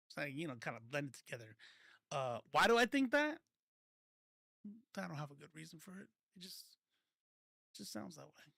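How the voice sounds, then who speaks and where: A man's voice: on the high side, sing-song, normal speed, vocal fry, pauses often, pushed and bright, no echo, studio quality. A man hosting a casual political commentary livestream, rambling and self-correcting, laughing often and swearing freely.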